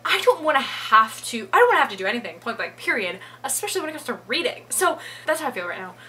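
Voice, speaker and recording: A woman's voice: a little high, big pitch swings, fast talker, pushed and bright, slight background noise, low-quality recording. A young woman chatting casually in her reading vlog at home, swearing freely and laughing often. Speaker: book vlogger.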